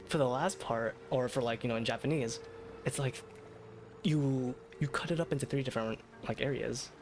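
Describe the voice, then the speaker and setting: Guy streamer at 4am, tired, rambles and trips over himself, faint music behind. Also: medium pitch. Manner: rambling, self-deprecating, many fillers and restarts. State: tired, late at night. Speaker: VTuber streamer. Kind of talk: casual live-stream chat.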